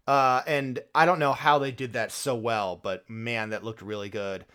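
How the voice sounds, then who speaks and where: A man's voice: mid-range voice, fairly even intonation, moderate pace, a bit bright, clean tone. A man co-hosting a podcast, casually retelling a film scene and acting out the characters' lines, swearing freely. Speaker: podcast co-host. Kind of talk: casual film review chat.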